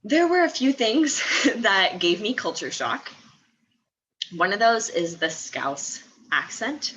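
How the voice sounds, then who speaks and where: A woman's voice: medium pitch, very animated, slow, a bit bright, low-quality recording. A woman in her twenties from the American Midwest, chatting casually in a vlog and laughing often between phrases. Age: 20s. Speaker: study abroad student.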